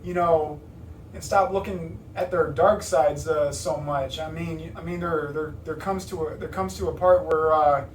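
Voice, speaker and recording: A man's voice: fairly high pitch, steady tone, unhurried, a little hiss or hum. Rambling young man, roomy distant sound. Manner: rambling, many fillers and restarts. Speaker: interviewee. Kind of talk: casual interview talk.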